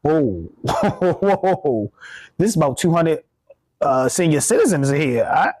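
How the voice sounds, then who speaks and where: A man's voice: a little high, sing-song, slow pace, darkish tone, no echo. A man, a comedian, telling a funny story in casual chat, acting out the people he quotes, with many restarts. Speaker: comedian guest.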